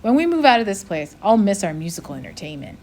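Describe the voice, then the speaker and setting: A woman's voice: medium pitch, very animated, fast, a little mellow, close to an everyday voice. A woman reading aloud, voicing a wry boy who makes dry, teasing remarks. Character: wry joking boy, Mutu.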